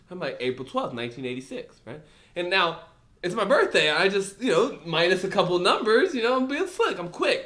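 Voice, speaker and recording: Male podcast co-host, high bright voice, lively laughing storyteller. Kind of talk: casual storytelling chat.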